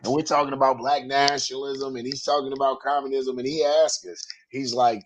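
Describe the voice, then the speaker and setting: A man hosting a casual talk show, telling stories in a digressive way and getting animated as he recounts them. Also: medium pitch, fast talker, few pauses, a little hiss or hum. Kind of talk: casual political chat.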